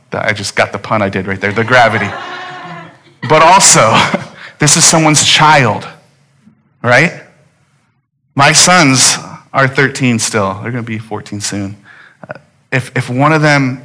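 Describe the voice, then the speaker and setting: A man in his thirties delivers a sermon with a bright, forceful tone. He tells the story in a loose, conversational way and keeps turning to the crowd with quick "right?" asides. He is speaking to a congregation in a church hall. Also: medium pitch. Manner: casual, animated storytelling with frequent "right?" asides. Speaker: pastor.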